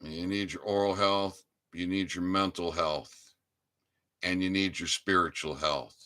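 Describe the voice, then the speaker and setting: An older man ranting in an impassioned monologue, swinging between loud outbursts and low muttering. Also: steady tone, a little slow, clean tone. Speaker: activist channel host.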